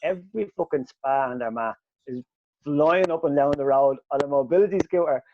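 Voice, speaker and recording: A man, co-hosting a podcast and telling animated, sweary stories in casual chat. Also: a little high, brisk, narrow, tinny audio, a little hiss or hum. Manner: animated storyteller, swears freely. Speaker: podcast co-host.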